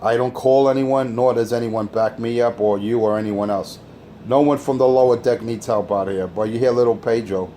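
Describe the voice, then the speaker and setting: A man's voice: medium pitch, steady tone, normal speed, mellow, slight background noise. A man hosting a crude, taunting radio rant. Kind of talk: insult-heavy radio rant.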